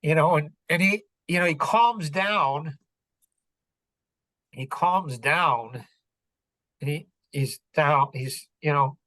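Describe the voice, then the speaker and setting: A man's voice: a little high, slow pace, pauses often, sharp tone, no room sound. A middle-aged man telling a personal story on a podcast, earnest and rambling, full of "like" and "you know". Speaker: podcast speaker.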